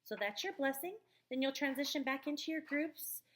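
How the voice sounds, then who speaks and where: A woman talks volunteer teachers through a week's lesson plan in a relaxed, chatty way, pausing on ums as she goes. She records the briefing herself at home on a webcam or computer mic. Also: high-pitched. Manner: friendly, talks teachers through steps with many fillers. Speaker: children's ministry leader. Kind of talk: casual instructional video briefing. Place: at home, dog nearby.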